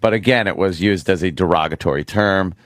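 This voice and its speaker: A man's voice: low voice, brisk, no room sound. A man co-hosting a radio talk show, rambling and wry with many fillers on a close studio mic. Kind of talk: casual radio banter.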